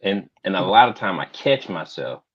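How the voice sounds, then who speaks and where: A man's voice: sing-song, moderate pace, a bit bright, husky. A man from Georgia with a Southern accent, chatting casually on a livestream and telling stories. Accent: Southern American. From Georgia, USA. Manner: storytelling, mimics others in high voices. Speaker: livestream guest. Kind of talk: casual chat. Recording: dull lo-fi stream audio.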